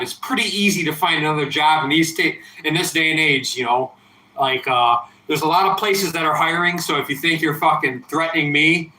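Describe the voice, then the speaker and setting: Late at night, a livestreamer in his thirties chats casually while a little tipsy from drinking, swearing, rambling, and sounding defiant. His slightly high voice comes across bright and edgy, with a noticeable echo from the room.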